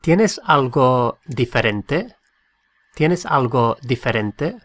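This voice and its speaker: A man's voice: mid-range voice, lively intonation, slow, a bit bright, dry recording. A man teaching a Spanish lesson, patiently repeating each phrase and spelling words out letter by letter. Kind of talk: slow drilled language lesson.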